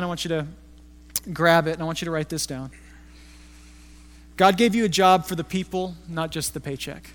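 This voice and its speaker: A middle-aged pastor with a high-pitched voice preaches in a relaxed, storytelling way. His voice rings with the long reverb of a church hall. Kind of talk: sermon.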